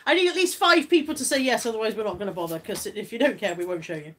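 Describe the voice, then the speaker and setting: A woman's voice: fairly high pitch, very fast, sharp tone. A British woman hosting a casual live stream, chatting, laughing and reading out viewer comments. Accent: British English.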